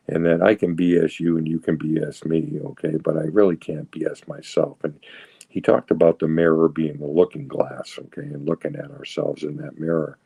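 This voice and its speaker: A man's voice: low voice, gravelly, warm tone, husky, no room sound, poor audio. An older man from south of Boston giving a personal recovery talk, telling stories and acting out what people said, often repeating his words. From United States, south of Boston. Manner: storytelling, repeats words, acts out quotes. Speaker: recovery speaker.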